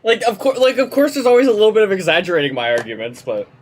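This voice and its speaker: Speaking very fast at a medium pitch over slight background noise, a young woman streams a game and chats live, her rants animated and heavy with swearing.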